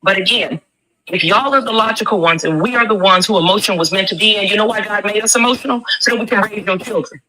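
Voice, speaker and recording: A woman's voice: medium pitch, quick pace, few pauses, bright, forceful tone, low-quality recording. A woman, talking with emphatic, preachy force and rhetorical questions. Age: 40s. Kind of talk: impassioned commentary.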